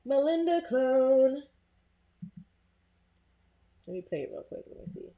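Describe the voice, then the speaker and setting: A woman hosting a live software tutorial, talking casually to her viewers with frequent "um" and "like" as she works. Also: sits high, expressive, very fast. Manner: chatty, addresses viewers as "you guys", frequent "um" and "like". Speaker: host.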